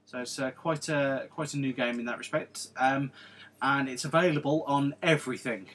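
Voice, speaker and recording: A man's voice: mid-range voice, steady tone, normal speed, a bit bright. Teasing chatty male podcast co-host. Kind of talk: casual chat. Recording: faint background noise.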